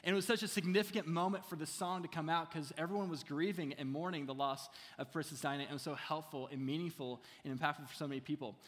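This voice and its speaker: Joking pastor in a reverberant hall. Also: male voice, on the high side, fast talker, few pauses. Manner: lively, joking, keeps checking in with the audience. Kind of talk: sermon.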